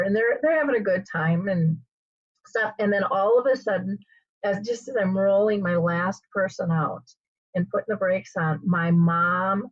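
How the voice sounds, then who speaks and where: A middle-aged woman hosting an interview, telling a personal story with lots of animated acted-out quotes. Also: fairly low pitch, husky, dry recording. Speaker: host. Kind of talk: casual interview chat. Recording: dull lo-fi sound.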